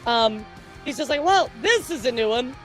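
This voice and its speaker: A woman's voice: high voice, animated, moderate pace, fairly bright tone, soft background music. A woman hosting a casual livestream news show, chatty and teasing, often breaking into laughter. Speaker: streamer and news host.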